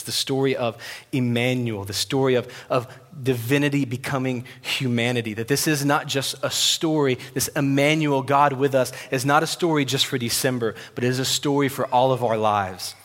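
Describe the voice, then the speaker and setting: A man's voice: medium pitch, normal speed. A young man preaching a sermon, telling stories and dropping to a near whisper when he voices God's words. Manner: storytelling, drops to a hush for God's words. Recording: long reverb of a large hall.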